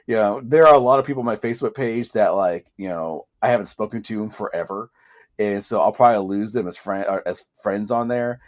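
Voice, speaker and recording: A man co-hosting a podcast, ranting in casual chat with frequent swearing and restarts, his voice leaping up when frustrated. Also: fairly low pitch. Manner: swears freely, self-interrupting. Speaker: podcast co-host.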